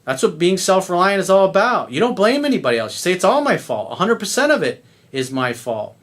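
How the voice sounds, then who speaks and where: A man's voice: high voice, big pitch swings, fairly quick, fairly bright tone. A male dating coach ranting bluntly to his viewers, lecturing with plenty of profanity. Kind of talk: ranting monologue to camera.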